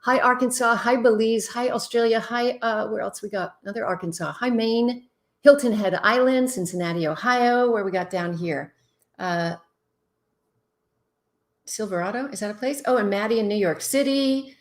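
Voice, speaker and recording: A woman hosting a live relationship-advice stream. She chats, greets viewers, reads out their comments and answers them bluntly, sounding tired after a long day. Her voice grows louder and quieter as she moves toward and away from the mic. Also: a little high, normal speed. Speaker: relationship expert host. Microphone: webcam mic, moves toward and away from it.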